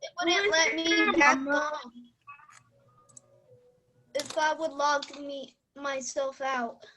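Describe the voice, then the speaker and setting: A female student with a high, bright voice explains a problem on an online class call. She speaks haltingly, and faint clicks sound behind her. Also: steady tone, a little hiss or hum.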